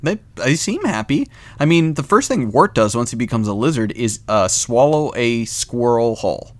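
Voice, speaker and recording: A man's voice: medium pitch, big pitch swings, moderate pace, dry recording. Guy on a podcast retelling a plot, laughs a lot, does goofy voices, dry close sound. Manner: laughs often, acts out quoted lines in silly voices. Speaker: podcast co-host. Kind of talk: casual chat retelling a story.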